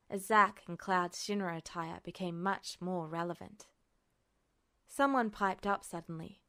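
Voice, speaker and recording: A woman narrating a fanfiction audiobook in an expressive storytelling manner. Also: medium pitch. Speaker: audiobook reader.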